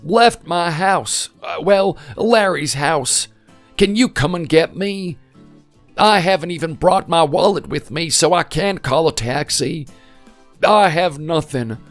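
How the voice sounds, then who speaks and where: A man's voice: fairly high pitch, slow pace, faint music behind. A man voicing an aggrieved older father-in-law in a voice-acted text story, talking in a plaintive, self-pitying way. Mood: forlorn.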